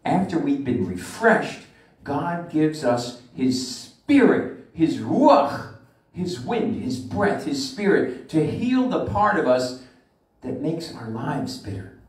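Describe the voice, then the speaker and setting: Rabbi guy preaching a sermon, booming and emphatic, slows way down on the verses, big echoey room, mic kinda far off. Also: very animated. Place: synagogue sanctuary.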